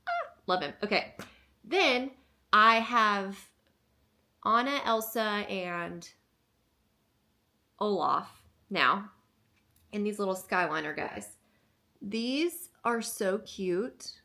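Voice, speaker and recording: A woman's voice: mid-range voice, animated, extremely slow, long pauses, sharp tone. A young woman hosting a casual haul video at home, bubbly and gushing, with many fillers. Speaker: vlogger.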